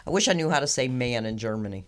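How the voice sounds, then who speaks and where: A woman's voice: very deep voice, lively intonation, quick pace. A woman co-hosting a casual podcast, reading odd news stories with a playful, teasing manner and frequent laughter. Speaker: podcast co-host.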